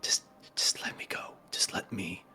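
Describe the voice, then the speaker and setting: A game master voicing a dejected young man who mutters under his breath in low, half-whispered lines. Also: steady tone, moderate pace, pushed and bright, slightly rough, exaggerated voice. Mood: despairing.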